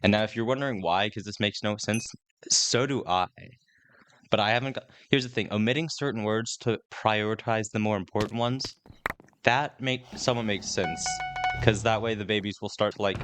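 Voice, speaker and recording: A man's voice: on the low side, noisy background. A teenage boy giving a casual, rambling voice-over commentary, complaining dryly and restarting his sentences often. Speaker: gaming commentator.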